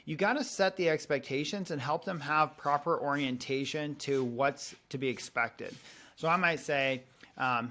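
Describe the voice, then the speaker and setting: A man's voice: on the high side, moderate pace, sharp tone. A man in his thirties on a podcast, earnestly explaining a parenting method and acting out little example conversations. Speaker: parenting coach guest.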